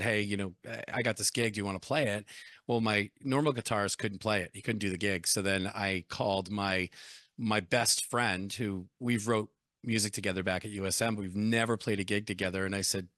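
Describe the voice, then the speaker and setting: A man's voice: on the low side, no echo, clean studio sound. A man in his forties telling stories in a casual interview as the guest, acting out both sides of conversations. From United States. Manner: animated storyteller, acts out both sides of phone calls. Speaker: guest, credit union CEO and former rock singer.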